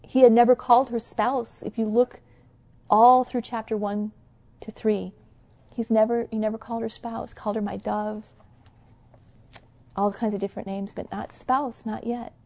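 A woman preaching a sermon, soft and musing at times and fervently exhorting at others. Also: fairly high pitch, little pitch movement, normal speed, long pauses, dull audio.

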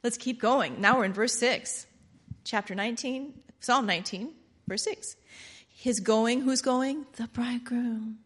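Woman, preacher, sermon, animated, frequent laughter, slightly high voice. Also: measured pace, husky. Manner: animated, laughing often, acting out quotes.

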